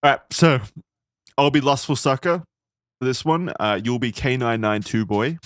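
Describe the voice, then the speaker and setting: A man's voice: mid-range voice, normal speed, dry recording, studio quality. A man co-hosting a podcast, teasing and playful in casual banter. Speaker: podcast co-host.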